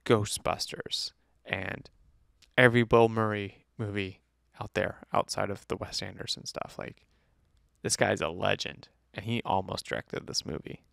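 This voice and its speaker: A man co-hosting a movie review podcast, talking casually and teasing his co-host, with a gravelly voice. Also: lowish voice, unhurried, fairly bright tone, no room sound, studio quality. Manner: playful, teasing, lots of fillers.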